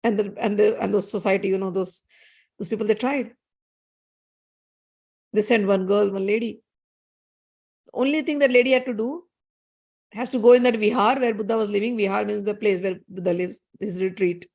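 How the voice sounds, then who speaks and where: A woman giving a spiritual talk. She retells a story in a lively way, with many restarts and asides. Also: mid-range voice, moderate pace, pauses often. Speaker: spiritual teacher. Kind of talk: storytelling scripture discourse.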